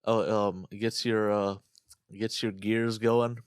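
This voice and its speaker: A man's voice: lowish voice, flat delivery, a little slow, clear, resonant tone, no room sound. A man co-hosting a podcast, rambling and joking crudely in casual comedic chat. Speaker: podcast co-host.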